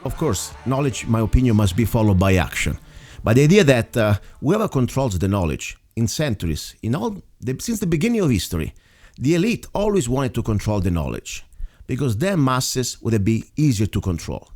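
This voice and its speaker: A man's voice: mid-range voice, very animated, normal speed, a little mellow. A man with an Italian accent hosting a local talk radio show, speaking earnestly and rambling between points. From Italy. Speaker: radio host.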